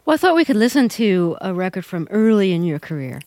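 A woman hosting a radio interview, asking questions in a measured, polished way. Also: medium pitch, very animated, darkish tone, no room sound. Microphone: studio microphone.

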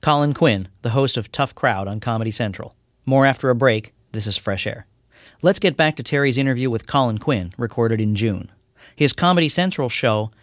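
A man gives a measured, formal announcement for a radio program. His voice is dry and close, with no room sound. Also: mid-range voice, dry recording. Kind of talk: scripted announcement.

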